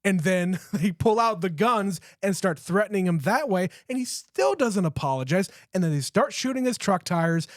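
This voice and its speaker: Male co-host with a slightly high voice, casual chat; dry close sound. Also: lively intonation, normal speed, few pauses, dry recording. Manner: conversational, swears casually, acts out quotes. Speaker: podcast co-host.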